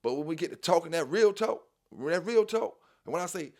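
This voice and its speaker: A man's voice: on the high side, lively intonation, normal speed. A man hosting a dog news channel, talking casually to viewers in a repetitive, preachy street style full of "you know what I'm saying.".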